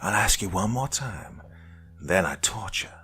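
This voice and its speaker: A cold, unshakable woman investigator who threatens in an even, everyday tone, put on by a man narrating. The voice is lifted a bit higher and has a bright, gravelly edge. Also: measured pace, exaggerated voice. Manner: plain, flat conversational tone. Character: cold, calm female investigator with terrifying strength.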